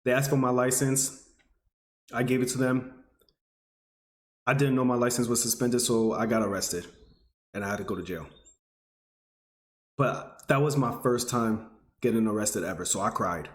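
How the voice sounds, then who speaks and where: Speaking at a normal speed but pausing often, a vlogger in his twenties recounts something personal to his viewers. He is earnest and emotional, and his pitch lifts when feelings run high. The room around him is echoey.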